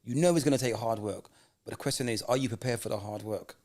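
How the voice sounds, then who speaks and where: A man co-hosting a casual podcast chat, telling animated stories and acting out what people said. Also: mid-range voice, quick pace. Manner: animated storyteller, acts out quoted voices. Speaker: podcast co-host.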